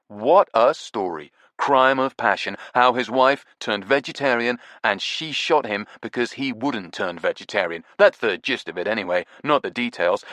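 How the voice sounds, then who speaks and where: A man voicing a brash, excitable male TV presenter who talks loudly and laughs at his own jokes. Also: mid-range voice, no echo. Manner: loud, pushy, slangy, laughs at own jokes. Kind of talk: audiobook character voice.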